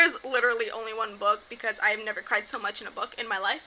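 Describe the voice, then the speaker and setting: A woman's voice: a little high, fairly even intonation, fast, heavy background noise. A young woman book vlogger chatting casually to camera, gushing and emphatic about her favorite reads.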